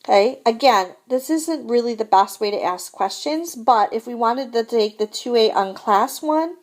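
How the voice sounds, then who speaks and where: A woman's voice: fairly high pitch, expressive, normal speed. A woman teaching French grammar in a recorded lesson, patient and repetitive, often checking in with "okay?". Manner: patient, repeats "so again" and "okay?".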